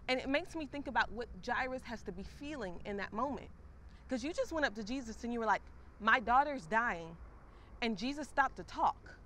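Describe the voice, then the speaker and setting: A woman's voice: on the high side, animated, a little fast, a bit bright, slight background noise. A woman hosting a faith talk series, casually retelling a scripture story and speaking straight to her listeners. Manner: conversational, retells scripture with acted-out asides.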